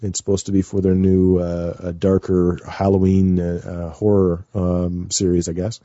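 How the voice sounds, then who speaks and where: Low-voiced guy rambling nervously, kinda dark and husky, dull lo-fi sound. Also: level tone, normal speed, no echo. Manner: nervous, rambling, lots of fillers and restarts. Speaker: radio show guest, amateur voice actor. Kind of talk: casual chat.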